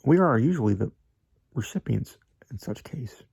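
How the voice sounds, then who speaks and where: A man's voice: mid-range voice, expressive, moderate pace, creaky, a little mellow, husky, dry recording, lo-fi sound. A man voicing a fawning, evasive male magazine editor who hedges, stalls and sometimes slips into a whisper. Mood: wheedling. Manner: wheedling, hesitant, drops to a whisper. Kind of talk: dramatic reading of a classic story.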